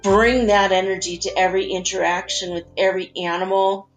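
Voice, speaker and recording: A woman hosting a spiritual talk, chatting gently and guiding listeners through visualizations. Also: mid-range voice, flat delivery, brisk. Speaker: spiritual channel host. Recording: faint guitar music behind.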